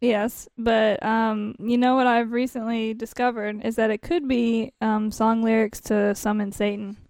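A woman's voice: on the high side, little pitch movement, measured pace, darkish tone, dry recording, studio quality. A woman co-hosting a podcast in casual chat, giggly and rambling, searching for words. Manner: giggly, rambling, lots of fillers. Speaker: podcast co-host.

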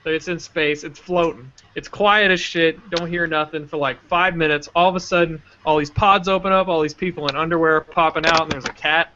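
A man on a casual podcast, retelling a movie in a profane, animated way. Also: fairly high pitch, brisk, few pauses, lo-fi sound, background noise. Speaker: podcast co-host.

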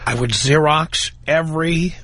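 A man's voice: fairly high pitch, a little slow, a bit bright, no echo. A man hosting a talk radio show, wisecracking and leading his guest through the story.

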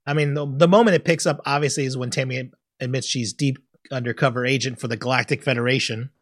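A man co-hosting a podcast in a casual chat, animated, often laughing and acting out scenes in loud high bursts. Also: quick pace, dry recording, clean studio sound. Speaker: podcast co-host.

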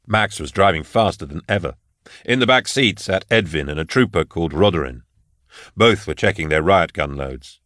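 A man narrating an audiobook in a steady storytelling manner. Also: low voice, moderate pace, no room sound, clean studio sound.

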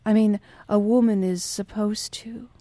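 A woman's voice: medium pitch, steady tone, unhurried, mellow, no echo, natural voice. A woman voicing an anxious, self-pitying young suitor who pleads and turns bitter. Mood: miserable. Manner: pleading, bursts of fierce bitterness.

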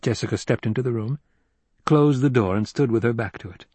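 A man narrating a novel as an audiobook in an even, unhurried storytelling manner. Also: mid-range voice, breathy edge, no echo. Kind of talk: scripted narration.

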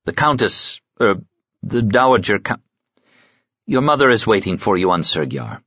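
A man's voice: on the low side, sing-song, moderate pace, bright, forceful tone, breathy edge, no echo, lo-fi sound, heavily acted. A man voicing a loyal male bodyguard who speaks respectfully and a little hesitantly. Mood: concerned.

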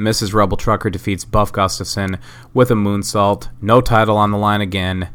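Low-voiced guy rambling on his solo podcast, casual, swears, jokes at his own expense. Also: flat delivery, normal speed, fairly bright tone, clear, resonant tone. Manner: casual, profane, self-mocking, lots of fillers. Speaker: podcast host. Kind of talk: casual solo podcast narration of a wrestling sim game.

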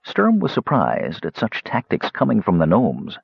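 A man narrates a fantasy audiobook in a low, slightly husky voice with a lively, expressive pitch range. He reads scripted prose and shifts into character voices for the dialogue. The recording is dry and dull, like lo-fi. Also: moderate pace, no room sound. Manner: expressive, voicing characters in quotes.

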